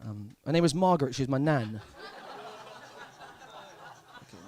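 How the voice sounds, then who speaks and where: A young man from Southampton doing a live stand-up set in a comedy club, deadpan and hesitant, full of fillers and repeats. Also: medium pitch, normal speed, some chatter behind, slight background noise. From Southampton, England.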